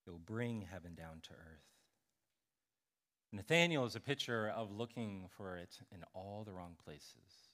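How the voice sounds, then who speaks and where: Pastor, male, mid-life, bright and tense edge to the voice, conversational preaching style. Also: lowish voice. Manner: conversational, animated, acts out scripture characters. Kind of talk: sermon.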